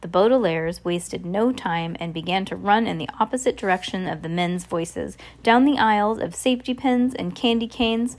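A woman's voice: mid-range voice, moderate pace, few pauses, darkish tone. A woman reading a novel aloud in a casual way, with small slips and restarts. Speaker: reader.

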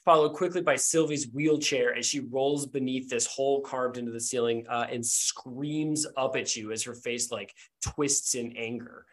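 A man's voice: mid-range voice, steady tone, normal speed, few pauses. A man narrating a tabletop game as game master, with rambling, filler-heavy storytelling.

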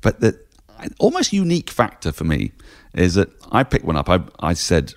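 A man co-hosting a podcast, chatting casually and telling anecdotes in a lively way, quoting others in a raised voice. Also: low-pitched, moderate pace, creaky. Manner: lively storyteller, quotes people in raised voices. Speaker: co-host.

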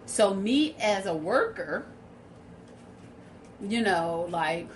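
A woman's voice: medium pitch, lively intonation, extremely slow, a little hiss or hum, poor audio. A woman in her thirties with a Southern American accent, hosting a casual live stream and chatting directly to her viewers.

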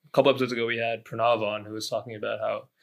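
A man's voice: on the low side, flat delivery, very fast, gravelly. A man co-hosting a podcast, chatting casually and joking, often laughing. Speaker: podcast co-host. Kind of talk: casual chat.

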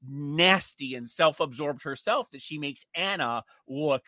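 A man co-hosting a casual chat, telling stories in an animated, emphatic way. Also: fairly high pitch, unhurried, no room sound. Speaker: co-host.

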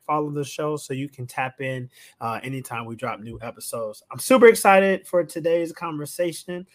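A man hosting a casual podcast interview, playful and animated, with eager interjections. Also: a little high. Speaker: podcast host.

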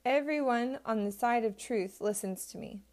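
Woman reading a calm male teacher, measured answers, fairly high voice. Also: natural voice.

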